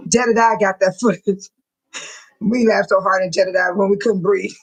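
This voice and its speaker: A woman's voice: medium pitch, steady tone, normal speed, breathy edge, rough recording. A woman hosting a casual livestream, reading viewers' chat messages aloud and often laughing as she talks straight to them in informal, slangy speech. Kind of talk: casual live-stream chat.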